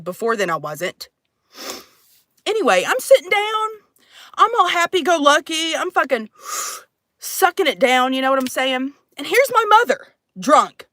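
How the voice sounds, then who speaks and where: A woman's voice: a little high, pushed and bright, dry recording, studio quality. A young woman vlogger in a brash, crude, joking rant, swearing often. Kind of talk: casual profane rant.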